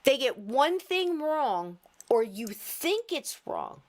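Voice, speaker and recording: A woman's voice: high voice, sing-song, slow. A woman hosting a podcast, talking casually and rambling with lots of laughter. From US East Coast. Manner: chatty, rambling, laughs often. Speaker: podcast host.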